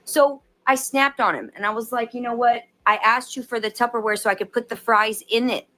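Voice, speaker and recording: A woman's voice: on the high side, brisk, pushed and bright. A woman filming herself, venting in a stressed, angry rant full of swear words aimed at her viewers. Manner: swears heavily, ranting at viewers. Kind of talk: profane venting vlog.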